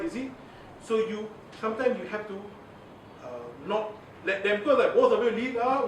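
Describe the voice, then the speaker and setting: A man giving a chatty training lecture, full of fillers and asides. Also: high-pitched. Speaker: communications trainer. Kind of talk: informal workshop lecture. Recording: echoey room from far off, faint hiss.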